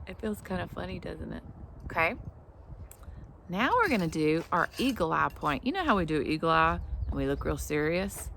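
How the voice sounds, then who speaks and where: A woman teaching a tapping exercise to children, speaking slowly and encouragingly and praising them often. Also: lowish voice, vocal fry, fairly bright tone, slight background noise. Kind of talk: gentle instruction for kids.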